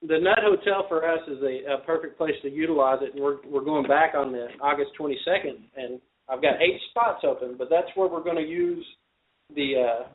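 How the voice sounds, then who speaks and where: A man who organizes paranormal events, chatting in a relaxed, halting way with fillers. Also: on the high side. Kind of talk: casual chat. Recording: tinny phone-line sound.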